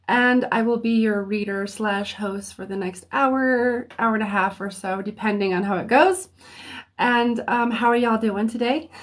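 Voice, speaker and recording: A woman hosting a livestream of free readings in a relaxed, unhurried way, often pausing on "um" as she chats with viewers. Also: mid-range voice. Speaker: host and psychic reader. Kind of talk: casual livestream chat.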